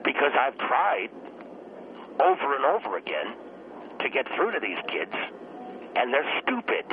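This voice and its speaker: An actor playing a hot-tempered teacher who guests on a talk show, ranting and stammering in loud bursts. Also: male voice, mid-range voice, huge pitch swings, unhurried, phone-quality sound, slight background noise. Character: blustering middle-aged male teacher, hot-tempered. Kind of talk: comedic radio talk show sketch.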